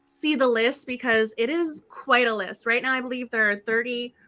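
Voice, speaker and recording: Bright, slightly hoarse woman hosting. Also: fairly high pitch, normal speed. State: slightly hoarse, losing her voice. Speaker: book club host. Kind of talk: casual livestream chat.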